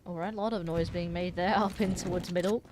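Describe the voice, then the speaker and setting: A woman calling fast play-by-play as co-caster of a live esports match, laughing easily. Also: fairly low pitch, steady tone, background noise.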